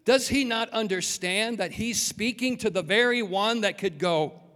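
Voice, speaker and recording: A man's voice: sits high, moderate pace, a bit bright. A man preaching a sermon in an earnest way, often putting rhetorical questions to his listeners. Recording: long hall reverb.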